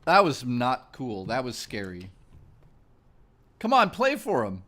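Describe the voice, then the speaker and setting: Animated joking male streamer. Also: medium pitch. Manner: joking, swears freely, quick to laugh. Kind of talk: casual live-stream chat.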